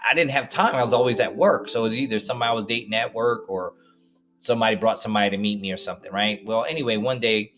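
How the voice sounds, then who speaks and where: A man hosting a podcast, telling a personal story to listeners and acting out the voices of people in it. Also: fairly low pitch. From northern United States. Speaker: podcast host.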